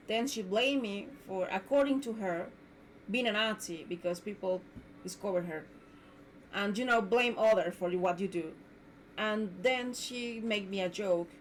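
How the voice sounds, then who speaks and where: A woman's voice: medium pitch, a little hiss or hum. A woman hosting her own podcast, delivering an indignant, repetitive rant as a solo monologue. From Mexico. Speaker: podcast host.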